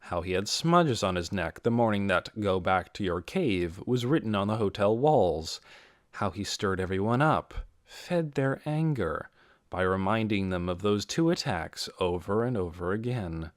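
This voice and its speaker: A man narrating an audiobook in a measured, dramatic storytelling manner. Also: on the low side, animated, no room sound, studio quality. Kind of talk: scripted narration.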